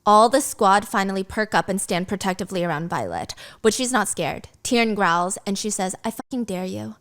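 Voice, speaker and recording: A woman retelling a story in a casual, animated way with swearing and chatty asides. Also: medium pitch, a little fast.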